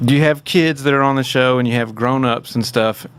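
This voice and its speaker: A man in his thirties from the Memphis area, a guest telling stories in a chatty, animated way and laughing often. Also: mid-range voice, normal speed, smooth. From Memphis area, United States. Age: 30s. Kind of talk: casual storytelling.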